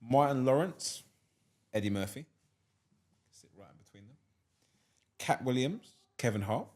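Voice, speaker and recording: A man's voice: mid-range voice, animated, unhurried, darkish tone. A man hosting a casual podcast, laughing often and jumping in with eager interjections. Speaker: podcast host.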